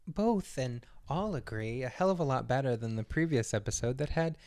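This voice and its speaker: A man's voice: mid-range voice, animated, moderate pace, darkish tone. A man co-hosting a podcast, rambling with many fillers as he retells TV scenes and mimics voices. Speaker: podcast co-host. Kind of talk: casual episode recap.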